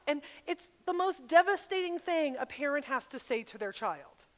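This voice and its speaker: Middle-aged woman speaker, high voice, lively personal storytelling, long hall echo. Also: normal speed, hardly any pauses. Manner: personal, animated storytelling with sudden loud bursts. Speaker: retreat speaker. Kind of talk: storytelling talk at a women's retreat. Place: large hall at a camp retreat. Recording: long reverb of a large hall.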